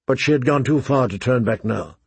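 A man narrating an audiobook in a measured, unhurried reading voice with a gravelly, husky quality. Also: mid-range voice, lively intonation, dry recording.

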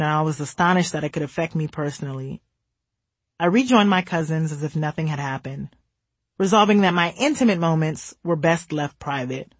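Husky woman reading a memoir. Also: low voice, no room sound. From United States. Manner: candid, wry storytelling. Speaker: memoir narrator. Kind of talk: audiobook memoir narration.

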